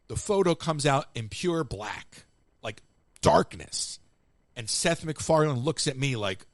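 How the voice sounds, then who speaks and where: Speaking unhurriedly at a medium pitch, the call-in show host recounts casual stories to his live callers, performing the words of other people. The audio has no echo.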